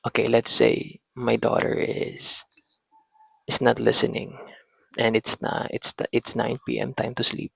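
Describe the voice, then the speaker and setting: Man, slow parenting-talk host, gravelly husky voice, dry close mic. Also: mid-range voice, monotone, pushed and bright, no room sound, rough recording. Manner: talks to himself, pauses and restarts. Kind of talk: slow reflective monologue.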